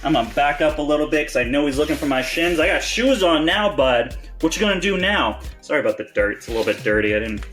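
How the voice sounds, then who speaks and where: A man hosting a casual reptile-care vlog from a reptile room in his home, talking in an excitable, joking way. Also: a little high, quick pace, hardly any pauses. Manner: excitable and joking, yelps in pain when bitten. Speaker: reptile keeper and channel host. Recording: echoey room with faint music.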